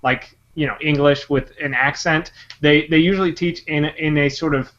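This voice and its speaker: A man with a bright, sharp voice talks on a podcast in a blunt, matter-of-fact way. He flatly shoots down what the others say. The sound is dull and lo-fi. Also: a little high, moderate pace. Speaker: podcast co-host. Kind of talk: casual chat.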